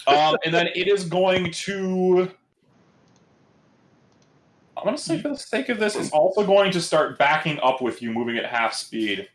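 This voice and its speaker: A man's voice: sits high, expressive, a little slow, pauses often, roomy sound. A man running a tabletop game as dungeon master, narrating in a casual, chatty way with profanity and fillers.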